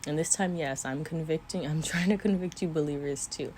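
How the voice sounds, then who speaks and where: Deep and brisk, with a darkish tone, her voice carries an emotional talk about faith, delivered to camera by a woman in her twenties. Now and then she's teary-eyed or lets out a small laugh, with slight background noise on the camera mic.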